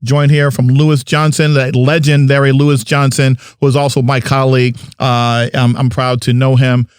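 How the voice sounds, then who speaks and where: A man's voice: medium pitch, little pitch movement, moderate pace, smooth, no echo. Guy from jersey hosting a podcast, joking around, hyping people up, dry sound. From New Jersey. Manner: playful, chatty, hypes up guests. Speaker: podcast host. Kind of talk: casual podcast chat.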